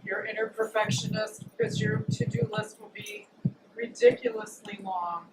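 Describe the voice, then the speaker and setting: Woman astrologer, chatty talker, echoey room, background noise. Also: fairly high pitch. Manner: chatty, many "like" and "you know" fillers, acts out quotes. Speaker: astrologer and psychic. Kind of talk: casual astrology talk. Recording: echoey room, distant mic, noisy.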